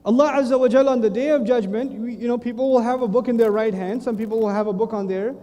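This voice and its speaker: A man delivers a religious lecture with a high, mellow voice. He talks in an animated storytelling way full of quick asides. His voice carries a long hall reverb. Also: highs cut off. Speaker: Islamic lecturer.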